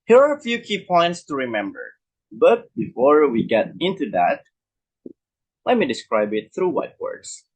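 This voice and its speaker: A man presenting a lesson on English pronunciation, repeating example words slowly and asking listeners if they follow. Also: fairly high pitch, wildly swooping pitch, husky, poor audio. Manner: asks listeners rhetorical check questions. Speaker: student presenter.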